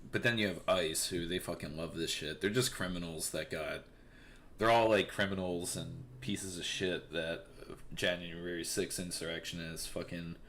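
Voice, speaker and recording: Deep-voiced man ranting casually. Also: a bit bright, slight background noise. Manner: profane, rambling, filler-heavy. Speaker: news commentary streamer. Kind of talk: casual news commentary.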